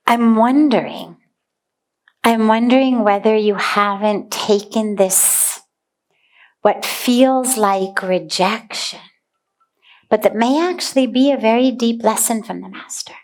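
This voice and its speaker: A woman giving a spiritual talk as a teacher, speaking in a deliberate, earnest way and dwelling on single words. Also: on the high side, a little mellow.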